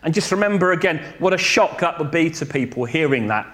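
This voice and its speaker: A man preaching a sermon in a slow, deliberate way, pausing to correct himself and adding a light joke now and then. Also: on the high side, lively intonation, a bit bright.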